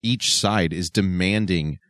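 A man's voice: deep voice, takes it slowly, fairly bright tone, no room sound. A man co-hosting a talk show, cracking jokes in casual banter. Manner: wisecracking. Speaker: co-host.

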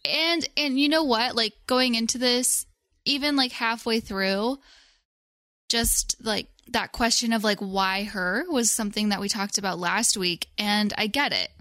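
A woman's voice: a little high, measured pace, pushed and bright, dry recording, studio quality. Chatty woman podcast co-host. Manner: chatty, rambling, says "like" often. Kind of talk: casual podcast chat.

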